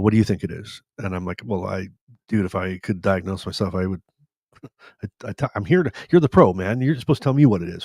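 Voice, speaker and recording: A man in his forties from Canada, hosting a live stream and candidly retelling his own story in a rambling, animated way. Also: lowish voice, husky, no room sound, studio quality. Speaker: host.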